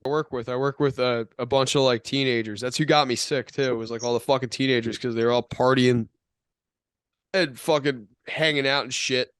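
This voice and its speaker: Rambling, cursing young podcast host. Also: male voice, mid-range voice, fairly even intonation, a little fast, a bit bright, smooth, no echo, clean studio sound. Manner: rambling and profane, heavy filler words. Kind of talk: casual podcast chat.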